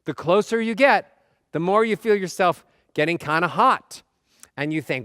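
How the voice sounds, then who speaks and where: A man's voice: high-pitched, normal speed, clean tone, no echo, studio quality. A man giving a motivational talk, firing off rhetorical questions and acting out the nervous voices in a person's head. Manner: animated, fires rhetorical questions; acts out nervous inner voices. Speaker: motivational speaker.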